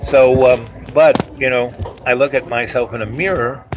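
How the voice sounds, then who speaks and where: A man's voice: mid-range voice, fairly even intonation, normal speed. An older man hosting, telling a personal story in a rambling, filler-heavy way. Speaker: host. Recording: loud hiss and clicks.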